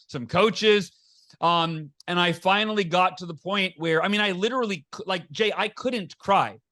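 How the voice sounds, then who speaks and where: A middle-aged man speaks as a podcast guest in a high, bright voice. He tells his story with earnest energy, often restarting his sentences and acting out the dialogue he quotes. The sound is a close podcast mic. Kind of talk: candid storytelling in an interview.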